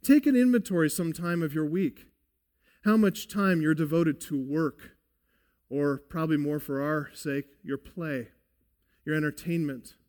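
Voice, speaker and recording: Slow, emphatic male preacher. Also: a little high, darkish tone. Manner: deliberate, emphatic, addresses listeners as beloved. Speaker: pastor. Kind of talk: sermon. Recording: long hall reverb.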